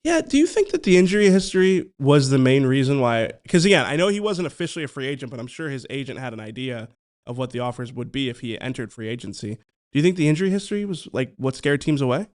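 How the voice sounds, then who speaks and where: A man's voice: mid-range voice, sing-song, fast, darkish tone, smooth. A man co-hosting a casual sports podcast, weighing ideas aloud and often restarting his sentences. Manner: analytical, thinks aloud with fillers and restarts. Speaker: podcast co-host.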